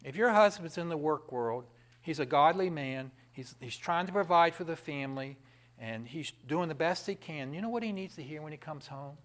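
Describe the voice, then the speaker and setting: Guy preaching a sermon, chatty with the congregation, kinda high voice that jumps all over. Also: normal speed. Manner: lively, conversational preaching with asides to the congregation.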